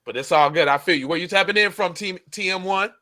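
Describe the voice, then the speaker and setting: A man's voice: high voice, fast, pushed and bright, no echo. A man co-hosting a podcast in casual, slang-heavy banter, repeating "cuz" and laughing often. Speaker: podcast co-host.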